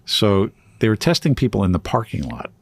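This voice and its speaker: A man's voice: on the low side, big pitch swings, brisk, vocal fry, slightly rough, no echo. A man co-hosting a podcast, telling a story in casual chat and laughing often as he goes. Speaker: podcast co-host.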